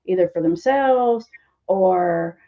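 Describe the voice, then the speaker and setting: A woman's voice: fairly low pitch, slow pace, lo-fi sound. A woman recovery coach answering interview questions in a teasing, sarcastic way, often laughing. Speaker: guest speaker, addiction recovery coach.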